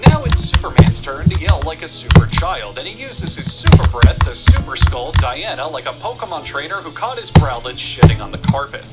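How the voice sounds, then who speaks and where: A young man with a high, very animated voice delivers a sarcastic, swearing-laden comic book review. His pitch leaps around for comic effect, and loud music plays behind him. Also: brisk, few pauses. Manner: sarcastic and profane, with big pitch jumps. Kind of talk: sarcastic comedic commentary.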